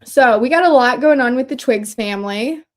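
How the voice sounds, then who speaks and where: A woman hosts a casual livestream in a chatty, wandering manner and breaks off her own sentences to start again. Her voice sits a little higher than most women's. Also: moderate pace. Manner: chatty, rambling, self-interrupting. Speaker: livestream host.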